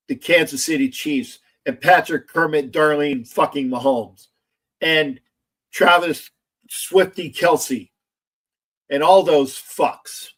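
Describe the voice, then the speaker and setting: A man hosting a casual sports livestream, loud, gloating and profane, repeating himself often. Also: on the high side, takes it slowly. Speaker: livestream host.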